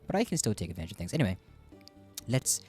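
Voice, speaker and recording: Low-pitched guy streaming a game, rambly and chatty, faint music behind. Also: big pitch swings, fast, a little mellow. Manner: chatty, rambling, self-deprecating. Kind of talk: casual gameplay commentary.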